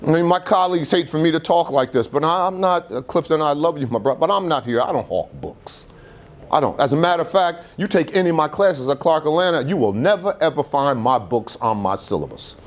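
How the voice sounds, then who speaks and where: Animated man giving a motivational speech. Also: on the high side, brisk. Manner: animated preacher-like delivery with rhetorical questions. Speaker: motivational speaker. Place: auditorium.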